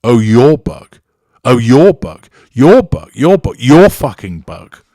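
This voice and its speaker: A man's voice: sits low, normal speed, darkish tone, dry recording, clean studio sound, natural voice. A man reading out a sneering, entitled abuser. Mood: mocking. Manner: sarcastic, belittling.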